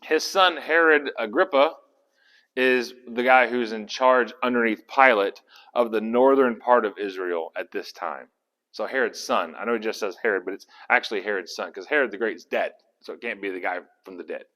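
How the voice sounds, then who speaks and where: A man's voice: fairly low pitch, normal speed, fairly bright tone. A man leading a casual Bible study in a folksy, conversational way. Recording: reverberant hall.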